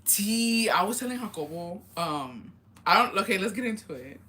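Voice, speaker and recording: A young woman tells a family story on her vlog in loose, casual chat. Her voice is bright and forceful, and she swears freely and breaks into laughter along the way. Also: medium pitch, normal speed. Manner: animated, swears a lot, laughs while telling stories. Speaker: vlogger.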